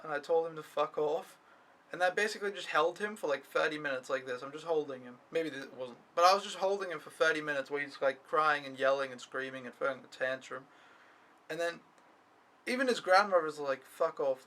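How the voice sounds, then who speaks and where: A man's voice: on the high side, pushed and bright, rough recording. A young man talking to camera in a rambling, complaining vlog recap, swearing often. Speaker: au pair vlogger. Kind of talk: casual weekly recap vlog.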